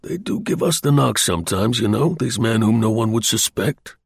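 A man voicing a brisk, cheerful and shrewd middle-aged gentleman in an audiobook, blunt and genial in manner. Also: lowish voice, lively intonation, gravelly, husky, no room sound, clean studio sound, exaggerated voice.

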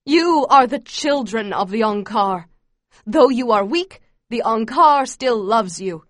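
A woman's voice: on the high side, animated, no room sound, clean studio sound. A woman voicing a zealous female camp leader. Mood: fervent. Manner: loud, slow, zealous declaiming. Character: fervent female camp leader shouting propaganda.

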